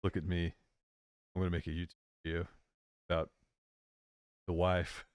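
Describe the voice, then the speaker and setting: A man putting on the voice of a slow-talking, self-absorbed narcissist who draws out his words. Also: low-pitched, completely flat delivery, clean tone, no echo, clean studio sound, voice pushed down, close to an everyday voice. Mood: smug. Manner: slow, drawn-out deliberate words.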